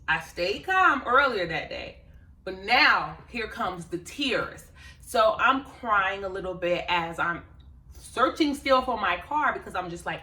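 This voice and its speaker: A woman's voice: on the low side, sharp tone, reverberant. A woman vlogging, casually telling a story to camera with laughs and quoted asides. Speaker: life coach and vlogger.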